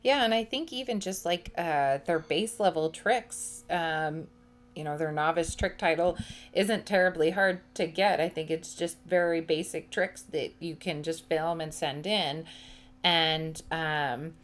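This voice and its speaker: A woman co-hosting a podcast, talking casually about dog training with many pauses and ums. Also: low voice. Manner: relaxed, many ums and hesitations. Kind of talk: casual chat.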